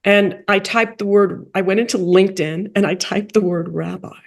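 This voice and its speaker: Animated woman telling a story. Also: normal speed, gravelly. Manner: animated, acts out quoted dialogue with big pitch jumps; drops into soft, quiet asides. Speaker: guest, coach for rabbis and playwright. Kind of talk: storytelling in a podcast interview.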